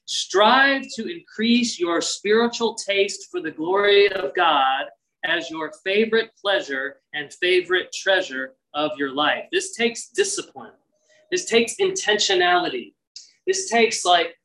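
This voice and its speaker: A man preaching a sermon as pastor, earnest and conversational, often dropping to a hushed voice. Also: high voice, animated, a little slow, distant mic, rough recording.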